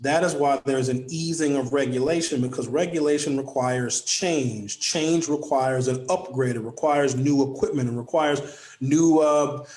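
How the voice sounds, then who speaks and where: A man's voice: mid-range voice, unhurried, darkish tone, roomy sound. A man hosting his own political talk show, delivering an impassioned, preachy monologue with sarcastic asides.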